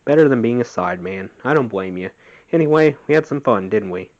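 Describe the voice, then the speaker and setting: A man voicing a kind, calm male rock musician who speaks softly and gently. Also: mid-range voice, fairly quick, close to an everyday voice. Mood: gentle. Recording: dull lo-fi sound.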